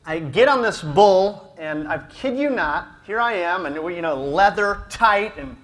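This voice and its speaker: Higher-voiced man telling a funny story. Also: animated, unhurried, fairly bright tone. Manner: self-deprecating, laughs often, many restarts. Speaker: speaker at a ministry gathering. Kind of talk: humorous storytelling talk.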